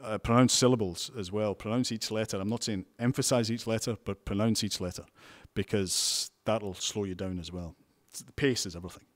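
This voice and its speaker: Scottish newsman with a lowish voice. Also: steady tone, fairly quick, hardly any pauses. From Scotland. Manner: chatty, frequent restarts and wry asides. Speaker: television news presenter and reporter. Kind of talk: relaxed interview answers.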